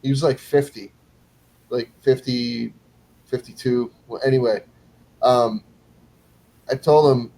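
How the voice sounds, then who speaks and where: A man's voice: mid-range voice, fairly even intonation, takes it slowly, long pauses, dark tone, rough recording. A man chatting casually, telling a rambling story with frequent laughs and restarts.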